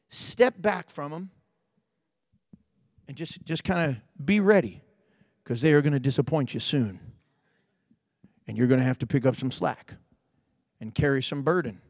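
A man preaching a sermon as pastor, swinging between loud emphasis and hushed storytelling. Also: on the high side, animated, moderate pace, no echo, studio quality.

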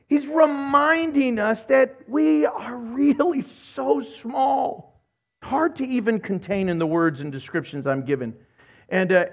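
A middle-aged male pastor with a fairly high voice delivers a sermon. He preaches in an animated, playful way and slips into short acted-out voices as he tells stories. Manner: animated, playful, acts out voices in his retellings.

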